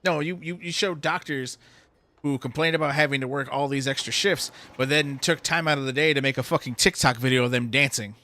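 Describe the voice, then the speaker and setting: Man, game streamer, bright forceful voice, heated, swearing, ranting. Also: a little high, steady tone, brisk. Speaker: gaming streamer. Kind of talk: ranting commentary while playing a game.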